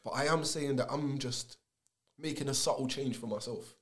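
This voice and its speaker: A young man, talking in an animated, slangy, emphatic way in casual podcast chat. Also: mid-range voice, moderate pace.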